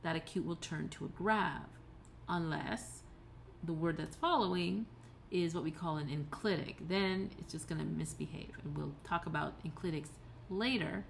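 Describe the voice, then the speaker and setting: A woman delivers a recorded tutorial in a patient, explanatory way, pausing on fillers and correcting herself as she goes. Her voice sits fairly low with a gravelly edge, and a faint hiss of noise lies under the recording. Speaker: teacher.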